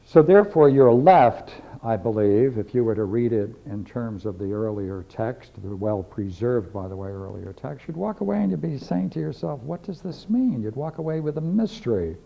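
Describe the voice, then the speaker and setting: A man's voice: mid-range voice, expressive, normal speed, gravelly, hardly any pauses. A man teaching a philosophy class, lecturing emphatically and repeating key phrases as he reads and discusses scripture. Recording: dull lo-fi videotape recording.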